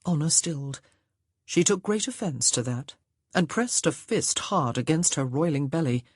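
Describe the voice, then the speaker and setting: A woman reading a historical romance audiobook in a measured storytelling voice. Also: deep voice, lively intonation, breathy edge, no echo, studio quality. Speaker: audiobook narrator. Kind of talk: scripted narration.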